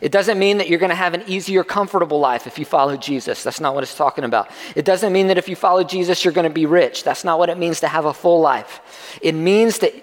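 A man's voice: a little high, fast, in a large hall. A man preaching a sermon in a loose, conversational way, joking and acting out the voices of listeners. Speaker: pastor.

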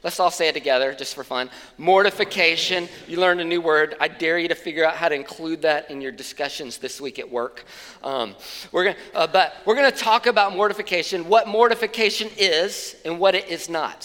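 A man's voice: fairly high pitch, a little fast, a bit bright, in a large hall. A man preaching a sermon as pastor, in a conversational, plain-spoken way with casual asides, speaking from a church stage.

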